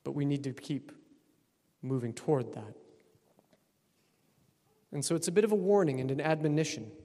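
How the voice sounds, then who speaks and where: A man's voice: a little high, lively intonation, normal speed, warm tone. A man from Texas, preaching a sermon as a priest in a conversational way with wry asides. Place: church. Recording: long church reverb.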